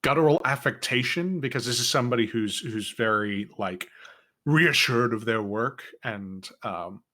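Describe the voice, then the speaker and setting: A man's voice: mid-range voice, normal speed, bright, forceful tone. A man co-hosting a casual chat about playing characters as a game master, talking in a rambling, thoughtful way. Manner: rambling, thoughtful, full of fillers and restarts.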